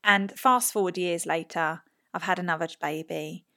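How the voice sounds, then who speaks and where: A woman's voice: on the low side, fairly even intonation, normal speed, fairly bright tone. A woman in her thirties, a podcast guest, telling a personal story in casual chat and acting out the people she quotes.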